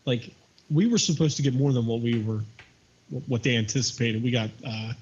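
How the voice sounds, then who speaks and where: A man's voice: medium pitch, normal speed, a little mellow, breathy edge, dull audio. A man co-hosting a casual talk show, blunt and crude, swearing often. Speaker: podcast co-host. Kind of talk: casual profane chat.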